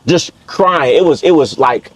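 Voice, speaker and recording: A man's voice: a little high, a little slow, breathy edge, dry recording. Blunt storytelling male podcast host. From Las Vegas, USA. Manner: animated storyteller, blunt and slangy. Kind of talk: casual interview chat.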